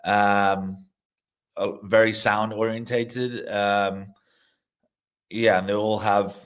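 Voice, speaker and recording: A man's voice: on the low side, little pitch movement, takes it slowly, clear, resonant tone. A middle-aged man, a director and actor, chatting loosely in an interview, swearing freely, restarting sentences and laughing mid-story. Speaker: film director and actor, guest. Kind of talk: casual interview chat.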